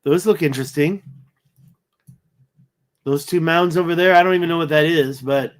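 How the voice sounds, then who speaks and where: A man's voice: a little high, moderate pace. Tired man rambling while browsing photos. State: tired, yawning. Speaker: livestream host. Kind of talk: casual livestream commentary.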